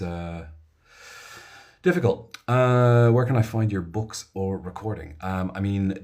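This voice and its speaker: A man's voice: low-pitched, darkish tone, breathy edge. An Irish man, an audiobook narrator, chatting casually on a live stream, rambling and reading viewers' comments aloud.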